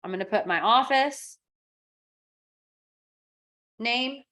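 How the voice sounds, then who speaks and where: A middle-aged woman, a real estate software coach who talks through each click of a screen-share tutorial step by step and acts out sample client texts. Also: a little high, slow.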